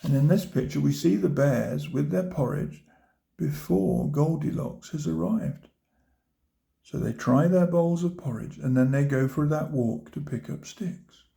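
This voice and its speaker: A man reads a children's picture book aloud at a very unhurried pace, stopping to point out the pictures. His voice is gravelly and mellow, sitting a touch high for a man. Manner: gentle, pointing out pictures to listeners. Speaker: storybook reader.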